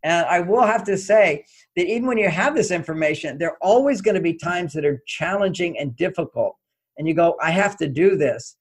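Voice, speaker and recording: An older man, an author guest on an interview, telling stories in an animated way and acting out quoted dialogue. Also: high voice, brisk, breathy edge. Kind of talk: conversational storytelling interview.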